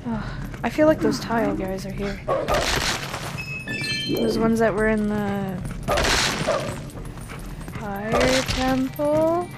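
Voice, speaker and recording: A young woman gaming on camera, swearing and pleading loudly at the enemies she fights. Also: mid-range voice, steady tone, measured pace, long pauses. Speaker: let's play gamer. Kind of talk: panicked gameplay commentary. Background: game music.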